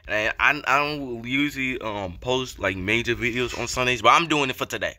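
A young man giving casual commentary over his football video game, slangy and excitable, repeating chants and getting hyped on big plays. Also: medium pitch, a little fast, hardly any pauses. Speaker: gaming YouTuber. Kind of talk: gameplay commentary.

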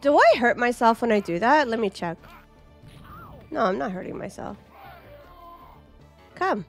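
A woman giving excited, chatty commentary while playing an arcade game, with squeals and laughs. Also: a little high, measured pace, long pauses, faint music behind. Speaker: gaming streamer.

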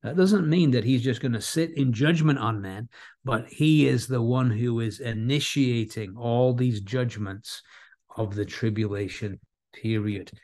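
A man preaching an expository Bible sermon, earnest and deliberate, repeating key words and slowing down for emphasis. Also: medium pitch, darkish tone.

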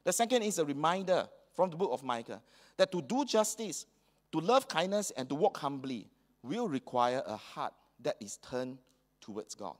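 A man's voice: on the high side, sing-song, normal speed. A man with a Singaporean English accent preaching a sermon in a church hall, slipping colloquial local phrases into his talk. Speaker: pastor.

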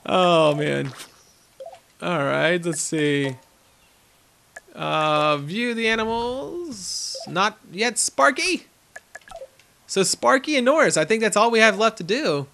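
A young man giving casual commentary over a zoo-building game, chatting to the animals on screen with sudden excited outbursts. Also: high-pitched, takes it slowly, vocal fry, pauses often, slight background noise. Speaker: gaming channel host.

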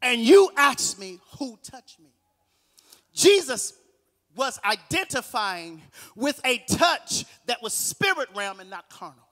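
A man preaching a guest sermon in a church, calling on the congregation to repeat after him and swinging between hushed lines and shouted, half-sung ones. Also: very high-pitched, very animated, slow pace, in a large hall. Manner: call-and-response preaching, shouting and half-singing. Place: church sanctuary.

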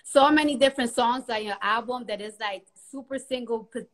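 Brief: young woman, bright high voice, nervous chatter on a phone live, loud and bubbly. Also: fairly quick. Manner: giddy, nervous, rambling, loud laughs and squeals. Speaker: Instagram live co-host. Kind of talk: casual live-stream chat. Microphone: phone camera.

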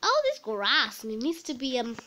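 A woman's voice: on the high side, sing-song, bright, forceful tone, rough recording. A woman putting on a haughty posh pupil. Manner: haughty, drawn-out and disdainful. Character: posh, fussy, spoiled new pupil.

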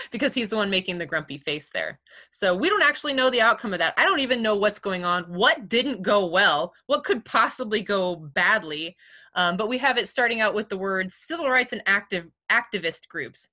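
A woman's voice: mid-range voice, animated, brisk, sharp tone. A woman teaching a class over a video call, casual and chatty, with many fillers and easy laughs. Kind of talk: online class lecture.

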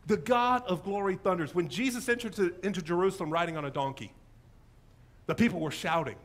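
A man preaching a sermon as pastor, animated and humorous, with lots of enthusiasm. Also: high-pitched, a little fast.

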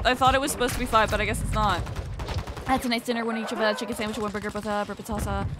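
A woman's voice: a little high, background noise. A young woman streaming a shooter game, chatting casually with her chat and swearing often.

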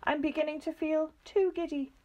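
Storybook: woman reader as a nasty old hag, shrill and panicky, screaming high. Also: fairly even intonation, normal speed, dark tone, lightly acted. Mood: panicked. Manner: shrieking, panicky.

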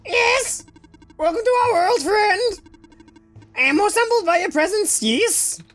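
A woman voicing a formal robot who speaks grandly and solemnly while explaining a dark world. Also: very high-pitched, animated, unhurried, faint music behind, pitched above the performer's own voice, full character voice. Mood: excited. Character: eager, formal robot who greets a savior.

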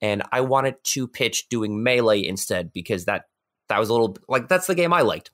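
A man's voice: on the low side, expressive, normal speed, a bit bright. A young man from New York telling a story in casual podcast chat, rambling with lots of fillers and restarts. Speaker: podcast guest.

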